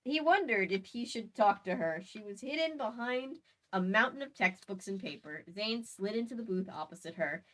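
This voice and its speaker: A woman host reads a book aloud, breaking off for playful, chatty comedic asides. Her delivery is relaxed and conversational. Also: mid-range voice, moderate pace, hardly any pauses.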